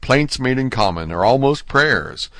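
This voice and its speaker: A man narrating a classic novel as an audiobook, in a steady, even storytelling manner. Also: medium pitch, measured pace, no room sound. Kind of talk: scripted narration.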